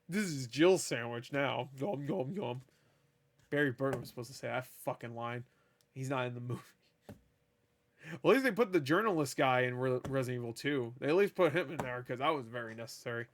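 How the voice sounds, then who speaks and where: A man's voice: mid-range voice, fast. A man ranting through a casual film review in a profane, sarcastic, rambling way, recorded at a table indoors. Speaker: movie reviewer.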